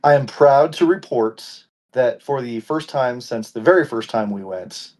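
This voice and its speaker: A man's voice: medium pitch, expressive, measured pace, darkish tone. A man in his forties co-hosting a podcast, chatting casually and ranting with playful mock indignation. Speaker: podcast co-host. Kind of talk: casual chat.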